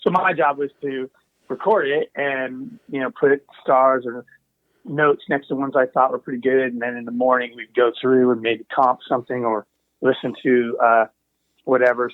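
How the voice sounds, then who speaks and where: A man with a mid-range voice and fairly even intonation speaks at normal speed, with no echo, as a guest recording engineer. He tells casual anecdotes in a meandering way, full of asides and restarts, over a tinny, phone-like call line.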